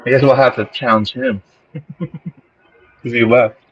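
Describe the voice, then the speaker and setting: A man co-hosting a casual livestream gives short, laid-back answers very slowly. His voice is husky. The recording is dry and dull. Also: mid-range voice, fairly even intonation, dry recording. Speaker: co-host. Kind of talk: casual live-stream chat.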